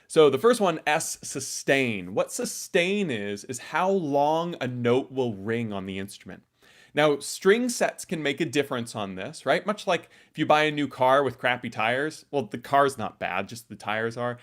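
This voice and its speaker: A man's voice: medium pitch, lively intonation, a little slow. A man teaching a live online ukulele lesson, explaining in a casual, chatty way full of asides while demonstrating on his instrument.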